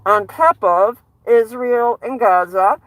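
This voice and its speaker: A man's voice: high-pitched, slow, fairly bright tone, no room sound, poor audio. A man doing an amateur impression of a boastful former male president, with emphatic, repetitive bragging. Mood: indignant.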